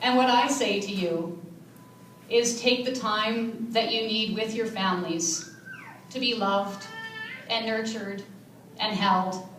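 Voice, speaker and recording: A woman mayor giving an earnest, measured inaugural speech in a large hall. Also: a little high, a bit bright, recorded from a distance, slight background noise. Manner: earnest, measured public speaking. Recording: echoey hall picked up from afar.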